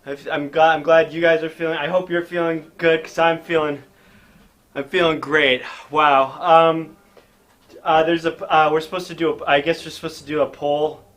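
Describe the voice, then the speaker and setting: A man's voice: fairly high pitch, little pitch movement, moderate pace, fairly bright tone. A man hosting an improv comedy show, out of breath, rambling and stammering in a dazed way. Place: hot indoor stage.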